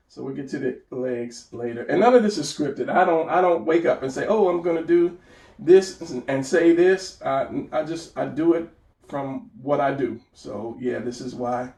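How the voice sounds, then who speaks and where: A man's voice: medium pitch, vocal fry, darkish tone, reverberant, recorded from a distance. A man giving an unscripted drawing lesson, rambling and correcting himself as he sketches. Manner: rambling, self-correcting, talks while drawing. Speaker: drawing instructor.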